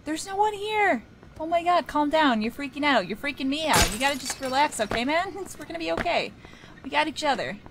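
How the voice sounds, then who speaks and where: Young woman doing let's play commentary, jokey and chatty, kinda high voice, noisy game audio behind. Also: lively intonation, fast. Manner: jokey, chatty, talks back to game characters. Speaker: gaming channel host.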